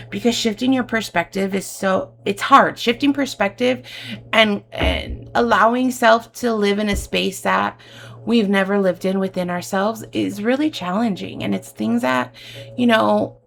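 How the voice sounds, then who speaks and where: Emotional woman reading tarot, gravelly fry. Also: mid-range voice, unhurried, fairly bright tone, slight background noise. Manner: effusive, emotional, addresses listener as babe and my love. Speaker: tarot reader. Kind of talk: tarot reading addressed to viewers.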